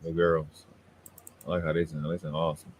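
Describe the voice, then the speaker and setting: A man's voice: extremely low pitch, completely flat delivery, brisk, slight background noise. A man from West Baltimore with a Baltimore accent, talking bluntly and profanely in casual chat.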